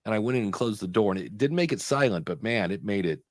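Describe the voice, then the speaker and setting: A man co-hosting a podcast live stream, telling stories in a chatty way and often pausing to hunt for the next word. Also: lowish voice, animated, no echo, clean studio sound. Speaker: podcast co-host. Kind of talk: casual chat on a live stream.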